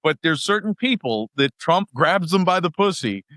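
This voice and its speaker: A middle-aged man from West Virginia, a podcast guest telling anecdotes in casual chat, crude and animated, acting out crowds as he goes. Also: a little high, normal speed, no room sound, studio quality. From West Virginia, USA.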